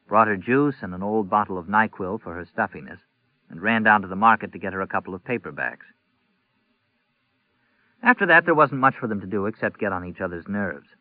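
A man narrating a novel in an even, measured reading. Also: on the low side, no echo. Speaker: audiobook narrator. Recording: tinny phone-like audio, dry.

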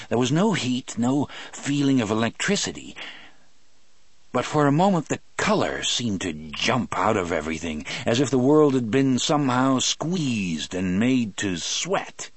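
A man reading a novel aloud in the first person, expressive and shifting between slow and quick delivery. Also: mid-range voice, no echo. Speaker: audiobook narrator.

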